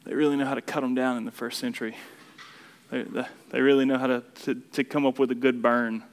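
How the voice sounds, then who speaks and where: A man's voice: mid-range voice, flat delivery, quick pace. A man preaching a casual, conversational sermon, often repeating words as he builds each point. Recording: long reverb of a hall.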